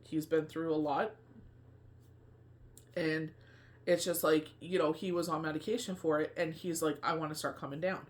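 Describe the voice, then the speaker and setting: Earnest, rambling man with a higher voice. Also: flat delivery, unhurried, long pauses. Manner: rambling, heavy with fillers and restarts; earnest and confiding. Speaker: tarot reader and medium. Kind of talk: casual personal monologue.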